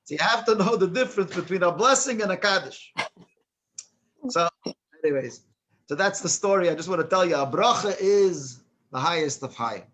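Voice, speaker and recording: Rabbi teaching, halting delivery. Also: male voice, high voice, lively intonation, a bit bright. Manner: halting, many restarts and fillers, chuckles at his own joke. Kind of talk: storytelling then lecture.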